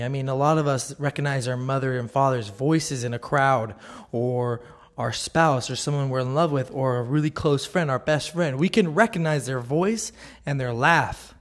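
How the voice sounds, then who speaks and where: A man giving a casual devotional talk, earnest and conversational, often laughing. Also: mid-range voice. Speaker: Christian speaker.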